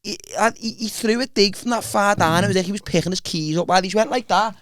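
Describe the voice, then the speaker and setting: High-voiced sweary lad. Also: male voice, fast talker, a bit bright. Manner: sweary storytelling with constant "lad" and restarts. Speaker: podcast co-host. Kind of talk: casual banter.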